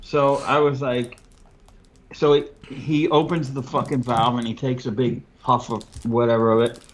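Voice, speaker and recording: A man's voice: mid-range voice, level tone, moderate pace, poor audio. A man in casual chat, telling profane stories in a laid-back way.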